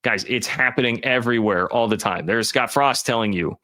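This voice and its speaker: Bright-voiced emphatic sports commentator man. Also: mid-range voice, fairly quick. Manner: emphatic, conversational, addresses chat viewers. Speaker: college football commentator.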